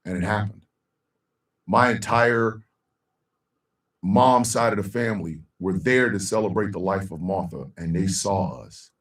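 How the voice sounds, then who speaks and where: A middle-aged man hosting a live talk stream, speaking in a heartfelt, slow way with long dramatic pauses. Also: fairly low pitch, far from the mic. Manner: bursts into a loud shouted sign-off. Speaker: show host.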